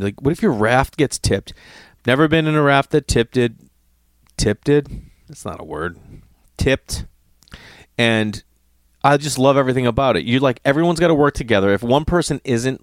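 Man, casual storytelling, profane, animated quotes, mid pitch, dry close sound. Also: dry recording.

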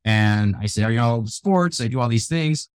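An older man with gray hair, a youth keynote speaker, telling animated stories in a radio interview. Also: medium pitch, normal speed, clean tone, no echo. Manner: energetic, animated storyteller who acts out quotes. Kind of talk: storytelling interview talk. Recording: dry close sound, radio show.

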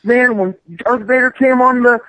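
Brief: high-voiced man, comic artist guest, animated rambling chat, dry close sound. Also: moderate pace, no room sound, rough recording. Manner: rambling, animated, profane storytelling. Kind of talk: casual podcast chat.

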